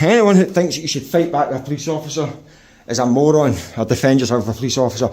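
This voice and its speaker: A British man speaks fast in a mellow, medium-pitched voice while filming police on a street and addressing his viewers directly. His casual vlog commentary is mocking and indignant, and the recording has no room sound.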